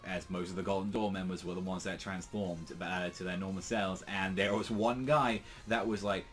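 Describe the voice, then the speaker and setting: A man's voice: on the low side, moderate pace, soft background music. A man casually recapping a manga chapter, rambling with many fillers and some crude asides. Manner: rambling, heavy use of fillers, profane asides. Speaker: manga reviewer.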